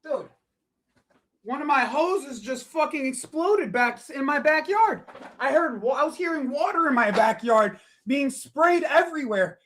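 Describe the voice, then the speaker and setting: A man with a high voice runs a live football watch-along from a home desk mic. He swears freely, addresses his viewers as boys and bro, and reacts loudly to every play. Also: animated, measured pace. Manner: swears a lot, shouts at the referee, calls viewers boys and bro.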